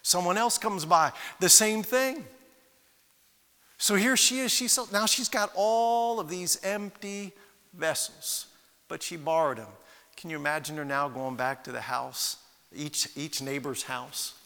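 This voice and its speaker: A man's voice: fairly high pitch, a little slow, gravelly, bright, forceful tone, in a large hall. A man preaching a sermon, retelling a Bible story with dramatic storytelling and acted-out voices. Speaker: pastor.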